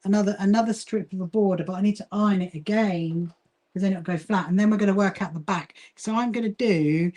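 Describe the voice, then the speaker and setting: This woman from England, with a southern accent, talks fast in a mellow, medium-pitched voice. Hosting a casual sewing livestream, the quilting association founder chats, welcomes viewers as she sews, and restarts her phrases often.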